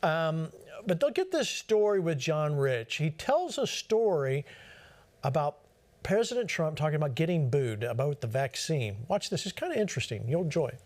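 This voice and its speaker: A male talk show host who speaks emphatically and varies his pace for effect. His voice sits slightly high. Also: big pitch swings, normal speed, darkish tone.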